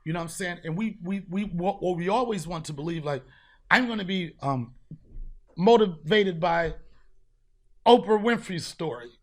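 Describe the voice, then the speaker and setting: A man hosting a podcast, telling a street story in casual chat, profane and animated, acting out the people he met. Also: high-pitched, normal speed. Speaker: podcast host.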